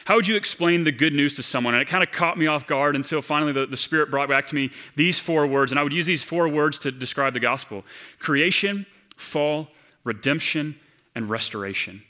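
Male pastor mid-sermon; fairly high, bright, forceful delivery, earnest, slowing on key points. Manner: earnest, slows down to stress key phrases.

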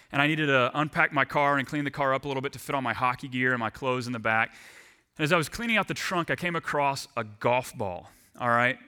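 A man preaching a sermon as a pastor, telling lively personal stories to make his points. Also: mid-range voice. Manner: lively storytelling with personal anecdotes.

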